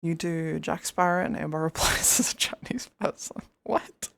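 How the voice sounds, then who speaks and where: A woman's voice: low voice, moderate pace, creaky, fairly bright tone, dry recording, clean studio sound. A woman streamer chatting casually and rambling, often breaking into giggles. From outside the US. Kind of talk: casual livestream chat.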